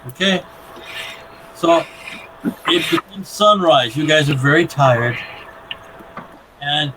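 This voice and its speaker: Game master narrating over noisy audio. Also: male voice, on the high side, animated. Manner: describes scenes slowly and deliberately, often laughing. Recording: noisy online call recording.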